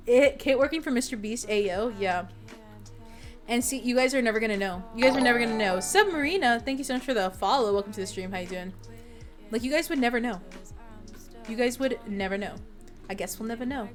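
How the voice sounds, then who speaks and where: Speaking quickly in a mid-range voice, a young woman streams and talks loosely to her audience, giggling and using lots of filler words. Soft background music plays throughout.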